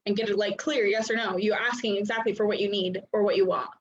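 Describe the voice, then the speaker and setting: A woman in her thirties coaching a live online class, chatty and animated, with many fillers. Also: mid-range voice, fast, few pauses. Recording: dull lo-fi sound.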